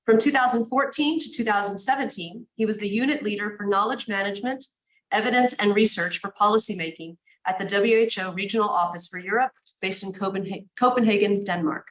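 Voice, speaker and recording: A woman's voice: medium pitch, brisk, low-quality recording. Welcoming woman moderating a conference. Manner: welcoming, enthusiastic. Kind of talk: live conference introduction.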